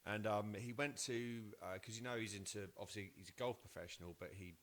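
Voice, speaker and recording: A man, co-hosting a casual podcast chat and telling family stories with animated laughter. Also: lowish voice, brisk. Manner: animated storyteller, acts out voices with laughter. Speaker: podcast co-host.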